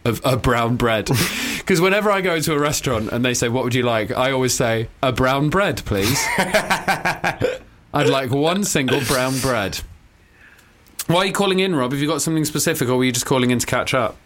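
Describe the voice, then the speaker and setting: A man's voice: medium pitch, expressive, fast, a bit bright. A man hosting a radio show, teasing and laughing with callers. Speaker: radio host. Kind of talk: casual radio banter.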